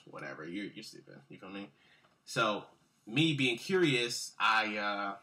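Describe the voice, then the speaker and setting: Being interviewed over webcam, a young man rambles through a casual story in slang, full of fillers and false starts. His voice is lowish, creaky, and bright with a forceful edge.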